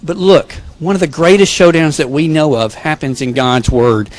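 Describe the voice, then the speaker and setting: A man's voice: fairly high pitch, moderate pace. Joking self-deprecating male pastor. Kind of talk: sermon with personal stories.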